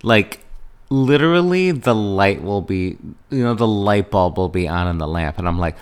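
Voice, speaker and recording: Chatty young man with a low voice. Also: moderate pace, smooth. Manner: chatty, animated, leaps into a high excited voice when quoting himself. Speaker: podcast host. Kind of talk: casual chat.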